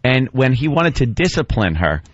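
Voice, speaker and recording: A man's voice: mid-range voice, sing-song, moderate pace, dry recording. A man hosting a radio talk show, telling a long story animatedly, acting out voices and laughing along the way. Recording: dry, slightly dull radio studio sound.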